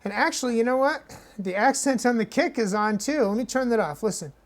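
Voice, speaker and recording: A man's voice: very high-pitched, lively intonation, fairly quick, heavy background noise. A man hosting a casual hardware music tutorial, talking in a loose, chatty way and often checking in with "right?".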